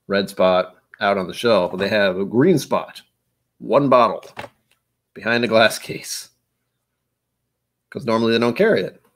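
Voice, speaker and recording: A young man with a low, slightly husky voice, chatting loosely through a whiskey tasting on his stream. His pitch swings widely as he reacts, rambling, making playful noises and drifting into humming. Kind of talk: casual live-stream tasting chat.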